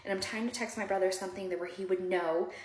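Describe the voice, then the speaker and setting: A woman's voice: mid-range voice, steady tone, fast talker, darkish tone. A woman casually telling a personal story to her viewers, rambling and heartfelt, with lots of fillers and direct asides to the audience. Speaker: storyteller recounting her own past. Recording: roomy echo.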